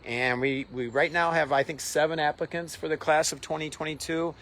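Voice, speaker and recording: A man's voice: on the high side, steady tone, brisk, a bit bright. A man co-hosting a gardening show, friendly and easygoing. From Minnesota. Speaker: co-host, master gardener. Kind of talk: casual educational chat. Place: outdoor garden.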